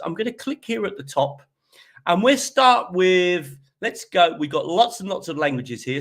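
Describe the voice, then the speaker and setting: A man's voice: fairly high pitch, fairly bright tone. A man giving an online teaching presentation while sharing his screen, chatty and often checking in with "okay?". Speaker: teacher trainer presenting a webinar.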